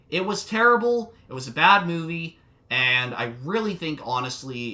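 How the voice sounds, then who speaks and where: A man's voice: mid-range voice, sharp tone. A man giving a solo film review in an exasperated, sarcastic, ranting manner. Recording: music playing under the voice.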